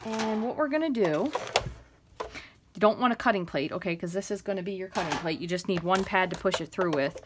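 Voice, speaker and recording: A woman giving a chatty, step-by-step crafting tutorial, explaining each move as she works and murmuring soft asides. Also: a little high, a little hiss or hum. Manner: chatty, step-by-step instructions with fillers. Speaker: craft demonstrator.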